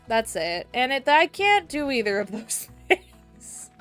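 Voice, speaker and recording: A woman's voice: a little high, measured pace, faint music behind. Chatty, giggly woman streamer. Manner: chatty, easily excited, giggly. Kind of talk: casual gameplay stream chat.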